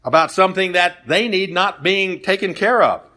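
Guy preaching, kinda high bright voice, folksy storytelling sermon. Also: normal speed. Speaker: pastor.

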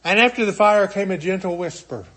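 A man with a high, light voice preaches a sermon. He speaks earnestly and retells scripture, voicing its quotes as he goes. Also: fairly quick, a bit bright.

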